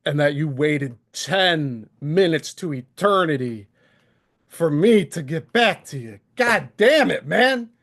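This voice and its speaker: A man's voice: a little high, lively intonation, slow, a bit bright. A male livestream host delivering an exasperated, profane, confrontational rant straight to the camera. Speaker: channel host. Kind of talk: ranting livestream monologue.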